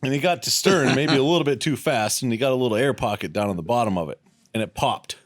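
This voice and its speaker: A man's voice: medium pitch, quick pace, no echo, clean studio sound. A man on a podcast telling a crude war story, laughing through it. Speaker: podcast co-host, veteran. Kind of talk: casual storytelling chat.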